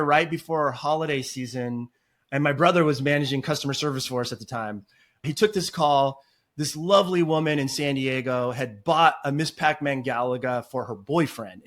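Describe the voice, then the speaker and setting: A talkative man as a podcast guest, telling stories in animated, rambling interview chat. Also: medium pitch. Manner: talkative and animated, apologizes for long answers. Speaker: podcast guest, agency founder.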